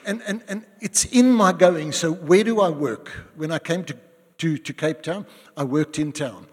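A man preaching a sermon to a congregation, animated and joking with his listeners. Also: a little high, slightly rough. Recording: long hall reverb.

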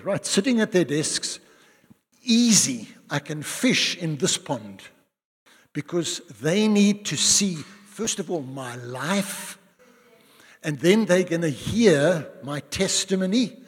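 A man preaching a sermon to a congregation, animated and joking with his listeners. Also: high voice. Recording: long hall reverb.

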